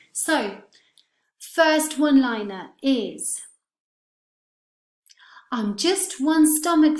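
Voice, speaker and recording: A woman teaching English pronunciation, careful and clear, repeating words for her students. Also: a little high, darkish tone. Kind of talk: online lesson. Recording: roomy echo.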